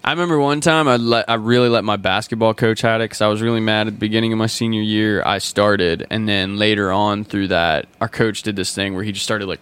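A man's voice: fairly low pitch, a bit bright, clear, resonant tone. A man in casual podcast chat, telling stories full of swearing, his voice jumping up whenever he quotes someone. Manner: profane storyteller, voice jumps up when quoting people. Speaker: podcast co-host.

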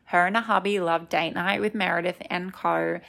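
A woman's voice: lowish voice, steady tone, moderate pace, creaky, fairly bright tone. A woman co-hosting a podcast, chatting casually with jokey tangents while recapping a reality show. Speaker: podcast co-host.

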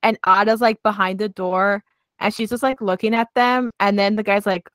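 A woman's voice: medium pitch, steady tone, fairly quick, a bit bright, dry recording. A woman co-hosting a casual podcast, talking in a loose, giggly way with plenty of "like" as she recaps episodes. Her voice sits in a middle register. The sound is dry and close, with no room around it. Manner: chatty, giggly, heavy use of "like". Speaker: podcast co-host. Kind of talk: casual chat recapping a drama series.

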